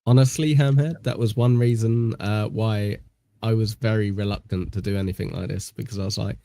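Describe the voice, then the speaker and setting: A man's voice: lowish voice, fairly even intonation, brisk, creaky, mellow, no echo. A British man from England hosting a podcast, rambling casually with lots of fillers and self-deprecating asides. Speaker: podcast host. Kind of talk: casual chat.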